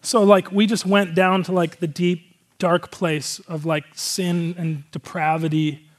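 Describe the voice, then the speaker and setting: A man's voice: high-pitched, flat delivery, a little slow. A male pastor giving a casual, conversational sermon, earnest and rambling, with a lot of filler words.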